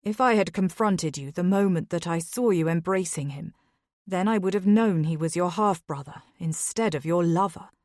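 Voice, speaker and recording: A woman's voice: on the low side, normal speed, darkish tone, no echo, clean studio sound, natural voice. A woman voicing a grave, remorseful aristocratic husband in Victorian society. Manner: grave, hoarse-edged apology.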